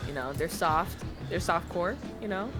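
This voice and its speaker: A man chatting as a podcast guest, animated and quick to laugh, with a stutter he mentions himself. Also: fairly high pitch, over music. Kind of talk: casual chat.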